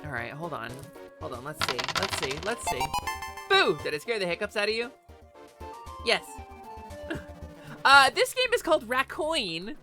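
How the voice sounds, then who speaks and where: A woman streaming a game live from her home office, chatting in an animated way and swearing freely. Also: mid-range voice, moderate pace, long pauses, music in the background. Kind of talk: casual live gaming stream chat.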